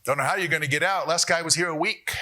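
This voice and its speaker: A man lecturing who briefly voices a laconic farmer in short, deadpan lines and no accent. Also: a little high, fast talker. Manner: flat, terse drawl-free delivery.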